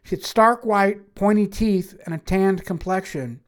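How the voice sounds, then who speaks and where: A woman's voice: medium pitch, unhurried. Woman reading a first-person tale. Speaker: storyteller.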